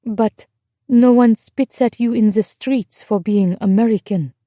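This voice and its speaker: A woman's voice: a little high, dry recording, studio quality, lightly acted. Woman voicing a tearful teenage girl. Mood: hesitant. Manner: soft, tearful, halting. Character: frightened teenage Jewish girl, earnest and sensitive.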